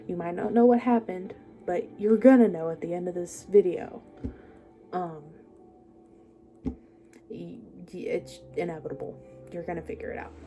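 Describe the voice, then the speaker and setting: A young woman telling her own life story to the camera, halting and hesitant with many pauses, sometimes dropping to a near-whisper. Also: lowish voice, steady tone, warm tone, soft background music.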